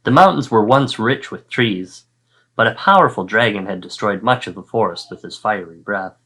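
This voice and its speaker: A male fourth-grade teacher reading a children's picture book aloud, with expressive storytelling and acted-out sound effects. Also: lowish voice, normal speed, breathy edge.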